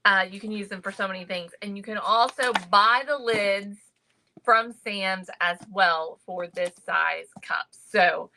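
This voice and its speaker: A woman talks slowly and warmly chatty through a thrift haul, saying "y'all" and greeting viewers by name. Her voice has a bright, forward tone. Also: medium pitch, slight background noise, poor audio. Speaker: crafting livestream host. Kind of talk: casual thrift haul chat.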